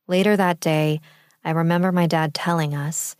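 Low-voiced woman telling a personal story. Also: normal speed, clean tone, dry recording, clean studio sound. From East Bay, California. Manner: calm, reflective recounting. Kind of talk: first-person storytelling narration. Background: background music.

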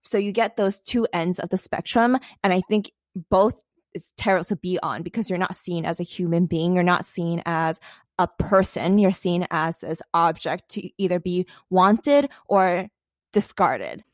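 Young american woman on a podcast, talks fast and loose, swears a lot, dry close mic. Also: on the low side, no echo. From United States. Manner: animated, swears freely, frequent "like". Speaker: podcast co-host. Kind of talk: casual podcast chat.

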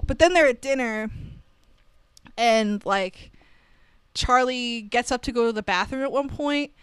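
A young woman casually recapping a film on a podcast, animated and full of "like" fillers. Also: fairly high pitch, measured pace, clear, resonant tone, dry recording. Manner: chatty, animated storytelling with many "like" fillers and laughs. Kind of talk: casual chat.

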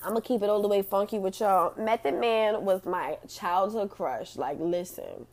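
A woman's voice: mid-range voice, moderate pace. A woman hosting a casual chat and reading out audience comments, blunt and profane, laughing often.

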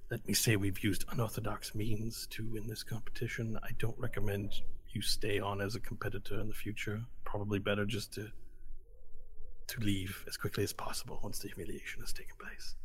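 A man voicing a scheming male plotter who speaks in a hushed, conspiratorial way. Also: on the low side, flat delivery, a little fast, slight background noise, close to an everyday voice.

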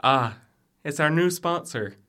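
A man's voice: on the high side, animated, measured pace, sharp tone. A young man acting a sarcastic frat brother in a college audio drama, with dry quips. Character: wry young male frat brother Jimmy. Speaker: student actor in audio drama.

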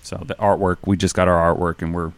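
A man with a Southern American accent, a guest on a casual podcast, talking in a relaxed, rambling way and a bit tired. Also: sits low, fast, dry recording. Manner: laid-back, rambling, self-aware. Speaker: podcast guest, video maker.

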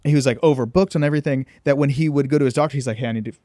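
A man chatting casually on a podcast, animated and quick to riff and joke. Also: fairly high pitch, no echo, clean studio sound. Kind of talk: casual chat.

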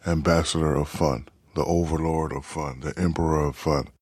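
Very deep-voiced relaxed middle-aged man. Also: normal speed, no room sound. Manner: relaxed, storytelling, many "you know" fillers. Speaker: interview guest, author. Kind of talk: casual interview answers.

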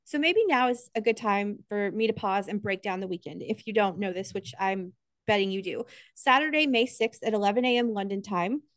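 A woman's voice: mid-range voice, a little fast, dry recording. American woman co-host, casual and sincere, dry close mic. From United States. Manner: chatty, earnest, gets emotional. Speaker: podcast co-host. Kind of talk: casual podcast chat.

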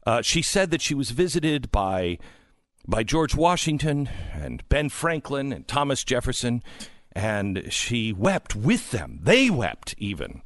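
A male talk show host lays on mock solemnity with heavy sarcasm. His voice is bright and higher than most men's. He takes his time and swoops widely in pitch. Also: huge pitch swings, takes it slowly, no room sound, clean studio sound. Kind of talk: comedic talk show banter.

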